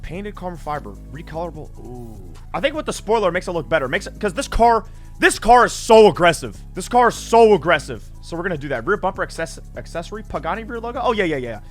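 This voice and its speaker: A young man giving excited gameplay commentary as a gaming creator, blurting loud exclamations. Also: sits high, fast. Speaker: gaming YouTuber. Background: game music.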